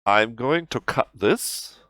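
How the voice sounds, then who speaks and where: A man with a German accent, a native German speaker, talking through a software tutorial in halting English that often restarts. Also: mid-range voice, expressive, dry recording, clean studio sound. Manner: halting, self-correcting non-native English. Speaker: tutorial host. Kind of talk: screen-recorded software tutorial.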